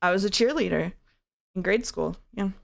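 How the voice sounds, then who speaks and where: Playing music guessing games with a guest, a female streamer jokes around and giggles as they chat. Her mid-range voice is gravelly and moves at a normal speed.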